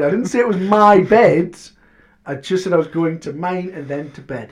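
A man with a slightly high voice in a casual podcast chat. He defends himself and cuts in to argue his side, half laughing as he does. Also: lively intonation, normal speed. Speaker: podcast co-host.

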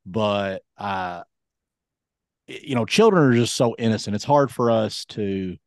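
A man in his thirties co-hosts a casual podcast chat, his fairly low, darkish voice moving at a measured pace. He speaks earnestly and lowers his voice for serious points. The recording is dry and studio quality.

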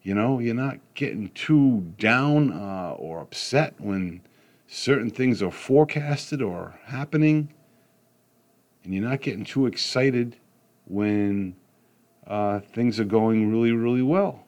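A middle-aged man giving a casual motivational talk, rambling through stories with frequent asides and slowing down to stress his points. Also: medium pitch, expressive, a little mellow. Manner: rambling, with frequent "you know what I mean" asides.

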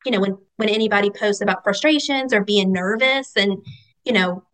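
A woman's voice: medium pitch, fairly quick, a bit bright, rough recording. A woman who owns a vendor shop, talking casually as a podcast guest and rambling with lots of fillers. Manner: chatty, rambling, lots of fillers like "you know". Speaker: guest, vendor market owner. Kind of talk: casual interview chat.

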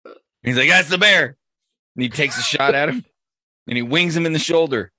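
A man's voice: medium pitch, a little fast, sharp tone, no room sound. A man co-hosting a podcast, telling a long joke in a laid-back way. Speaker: podcast host. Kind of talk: casual podcast banter.

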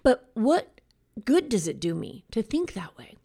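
A woman hosting a show, giving an earnest, reflective motivational talk in a conversational way, slowing down to stress key words. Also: fairly high pitch, sing-song, vocal fry, warm tone, slightly rough. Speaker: podcast host.

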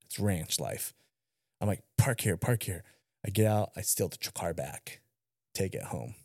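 A young adult man spins a rowdy story on a casual podcast, his low voice swooping up and down as he acts out the lines. He swears freely. The sound is dry and close. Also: a little slow, creaky, dry recording. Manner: animated storyteller, swearing, acting out quotes. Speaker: podcast co-host. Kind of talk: casual chat.

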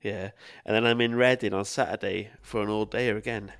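A man's voice: fairly low pitch, fairly even intonation, fairly quick, creaky, fairly bright tone. A man co-hosting a podcast, chatting casually with rambling, sweary anecdotes while tired and jet-lagged. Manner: rambling anecdotes, swears a lot, laughs often. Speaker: podcast co-host. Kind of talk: casual chat.

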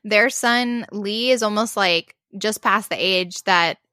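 Woman co-host, bright tone, dry close sound; casual, emotional recap full of fillers. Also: medium pitch, takes it slowly, no echo. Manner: emotional, gushing, many "like"s and restarts. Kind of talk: casual chat recapping a show.

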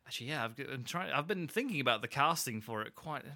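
Excitable man with a lively, bright voice. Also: medium pitch, fast. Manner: excitable, chatty, prone to exclamations. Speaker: podcast co-host. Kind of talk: casual podcast chat.

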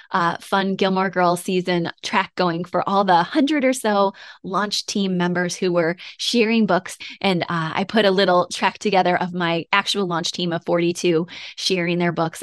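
A woman's voice: fairly low pitch, dry recording, studio quality. A woman in her thirties hosting her own podcast, talking casually and earnestly about her new book, with little laughs and asides. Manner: chatty, earnest, laughs and gets a little emotional. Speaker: podcast host and author. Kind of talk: casual solo podcast talk.

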